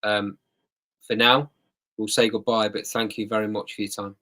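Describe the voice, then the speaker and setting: A man's voice: fairly low pitch, flat delivery, moderate pace, pushed and bright. A man hosting an interview, speaking in a friendly, polite way with some hesitations. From Britain. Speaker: interviewer, host. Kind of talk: conversational interview.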